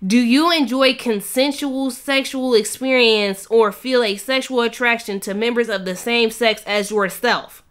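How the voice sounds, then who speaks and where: A woman in her twenties reading out a quiz in a casual, playful chat full of slang and quick asides. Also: on the high side. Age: 20s. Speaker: YouTuber.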